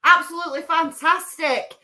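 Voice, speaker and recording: A woman's voice: very high-pitched, fairly even intonation, pushed and bright. A woman co-hosting a live stream, chatty and enthusiastic in casual talk. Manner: chatty, enthusiastic, quick to laugh. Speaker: stream co-host.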